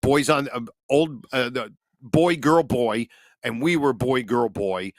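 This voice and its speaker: A man's voice: mid-range voice, takes it slowly, dry recording, studio quality. A middle-aged man, a podcast co-host, telling a long, rambling family story with lots of swearing. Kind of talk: casual storytelling.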